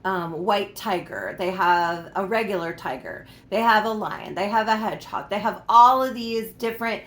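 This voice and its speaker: A woman's voice: medium pitch, normal speed, a bit bright. A young woman chatting casually to camera about her doll collection in a room at home, giggly and doting, often talking sweetly to her dolls. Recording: echoey room with faint background noise.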